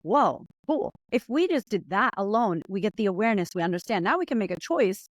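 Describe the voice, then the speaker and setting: A woman guest on a podcast, talking fast and acting out her own inner voice as she tells stories. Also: mid-range voice, sing-song, dry recording, clean studio sound. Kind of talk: animated conversational storytelling.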